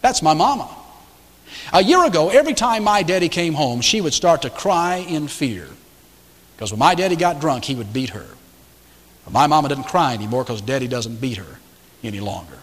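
An earnest little girl standing up for her father, as a preacher tells her part in his sermon, soft but quietly firm. The voice sits fairly high and echoes through a large hall. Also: lively intonation, moderate pace. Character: small girl defending her reformed father.

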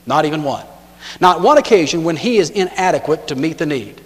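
A man with a high voice preaches a sermon. His words ring out with a long hall reverb. He tells stories and punches some lines out loud. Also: lively intonation, brisk. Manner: storytelling, acts out lines with sudden loud shifts. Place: church.

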